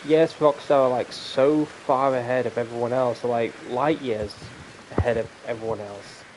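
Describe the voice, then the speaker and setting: A man's voice: medium pitch, steady tone, normal speed, a little mellow, slight background noise. Rambling man ranting over gameplay. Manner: rambling, ranting, swears freely. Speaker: gaming channel host. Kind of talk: casual gameplay commentary.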